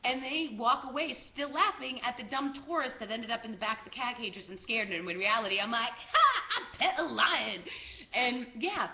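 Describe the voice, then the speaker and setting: A young woman vlogger telling a travel story to camera in an animated way, full of "like" and "um". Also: on the high side, fairly quick, hardly any pauses, slight background noise. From USA. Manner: animated, lots of "like" and "um". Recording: roomy, slightly dull video audio.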